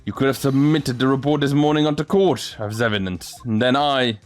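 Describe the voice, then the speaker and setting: Speaking at a medium pitch in a brisk, natural way, a man narrates a courtroom game and gives voice to every character, with the odd stumble over a word. Quiet music runs in the background.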